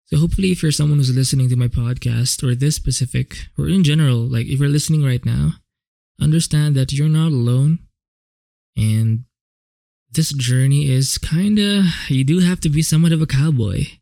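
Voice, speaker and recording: Gravelly casual man, rambling podcast monologue. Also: medium pitch, moderate pace, mellow, dry recording. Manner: casual, rambling, swears freely, frequent self-corrections. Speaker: podcast host. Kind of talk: solo reflective podcast monologue. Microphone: home podcast microphone.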